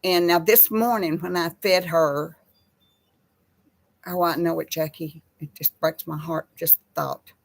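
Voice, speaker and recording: An older woman chatting casually with live viewers in a slow, folksy way. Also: fairly low pitch, steady tone, creaky. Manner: slow folksy talk, baby voice to her pets. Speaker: host of a live chat with viewers. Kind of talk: casual live-stream chat reading viewer comments.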